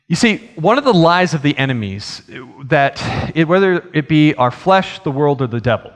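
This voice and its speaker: A man preaching a sermon in an earnest way, slowing and rising in emphasis on key phrases. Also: a little high, very animated. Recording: long hall reverb.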